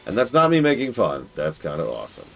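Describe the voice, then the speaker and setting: A man's voice: deep voice, wildly swooping pitch, quick pace, gravelly, soft background music. A man casually chatting with a child while streaming a game, playful and teasing. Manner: playful, teasing, slips into silly voices.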